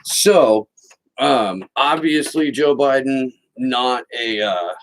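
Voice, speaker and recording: A male podcast host delivers political commentary with a sarcastic, mocking edge. His pitch sits right in the middle for a man, and he reads quotes aloud between his jabs. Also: takes it slowly, poor audio.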